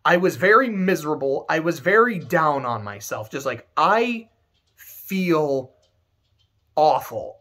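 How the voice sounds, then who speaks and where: A man's voice: on the high side, big pitch swings, takes it slowly, sharp tone. A man giving casual game commentary to camera, emphatic and ranting, swearing freely. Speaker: video creator.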